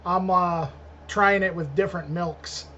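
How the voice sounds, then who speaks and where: Here the male co-host's voice is high, steady, a bit slow, bright, and forceful, though the audio is dull with a faint hiss or hum from the internet call. He chats casually on the podcast, rambling, laughing often, and restarting frequently.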